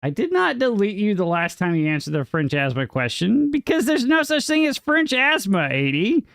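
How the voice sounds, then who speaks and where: A young man streaming a game and bantering with his chat, playful and mock-indignant. His voice is gravelly and sits a bit high, rising and falling a lot as he talks. The sound is close and dry. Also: sing-song, normal speed, a bit bright, dry recording. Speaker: livestreamer. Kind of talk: casual live-stream chat, reading and answering chat.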